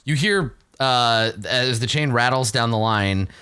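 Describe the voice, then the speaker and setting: A man's voice: mid-range voice, measured pace, sharp tone, smooth. A man narrating as game master in a tabletop game, loose and chatty with many fillers.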